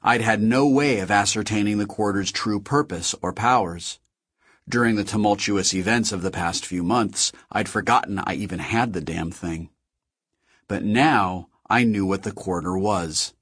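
A man with a low, husky voice reads a first-person novel aloud. His reading is steady and measured. The recording is close and dry, with no room sound. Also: no echo. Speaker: audiobook narrator.

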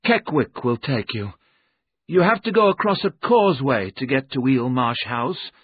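A man putting on a frightened little old lawyer in a storybook reading, his voice pitched well above the reader's own and tight with nerves. The sound is narrow and phone-like, with a husky edge. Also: animated, moderate pace. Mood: uneasy. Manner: nervous, shaky and strained.

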